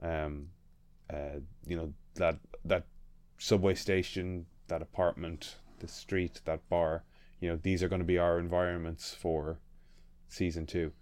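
Low-voiced man, rambling podcast host. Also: level tone, unhurried, darkish tone, no room sound. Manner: rambling, swears casually, edits the show. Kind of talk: casual podcast chat.

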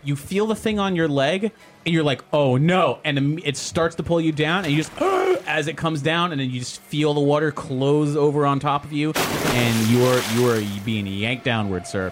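A man running a tabletop role-playing game as game master, narrating scenes in an animated way and laughing often. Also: fairly high pitch, normal speed, background noise.

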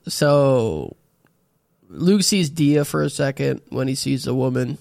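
A man casually recapping a show episode with friends, with a relaxed, laid-back delivery full of "yep" and "uh". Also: medium pitch, takes it slowly, gravelly, no echo, clean studio sound. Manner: relaxed, summarizing with frequent "yep" and "uh". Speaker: podcast host recapping an episode. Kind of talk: casual chat.

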